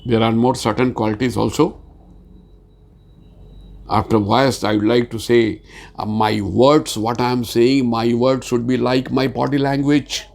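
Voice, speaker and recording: A man lecturing on sales communication in a halting, earnest way, repeating words and pausing often with fillers. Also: medium pitch, fairly even intonation, gravelly, darkish tone. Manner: speaks slowly with many fillers. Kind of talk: informal spoken lecture.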